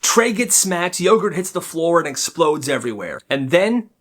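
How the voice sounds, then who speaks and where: Lively man telling school stories. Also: a little high, moderate pace. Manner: animated, chuckles at his own stories. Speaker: storytime narrator. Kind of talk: casual storytime narration.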